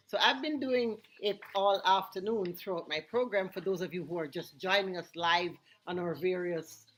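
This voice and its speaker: A woman hosting a live radio show, chatty and enthusiastic as she greets listeners by name. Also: mid-range voice. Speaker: radio host. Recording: roomy, off-mic, music playing behind. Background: music.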